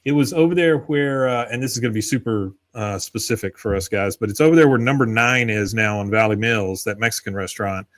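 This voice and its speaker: A man's voice: lowish voice, fairly quick, few pauses. A man, co-hosting a podcast and casually recapping a cartoon episode, acting out the characters' lines as he tells it. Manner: laid-back storyteller, acts out quoted lines. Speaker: podcast co-host.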